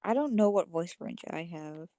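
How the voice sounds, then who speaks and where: A young woman co-hosting a casual podcast chat, laughing often and talking herself down in quick bursts. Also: fairly low pitch, lively intonation, warm tone, dry recording, clean studio sound. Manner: laughs often, self-deprecating, rapid bursts. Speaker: podcast co-host.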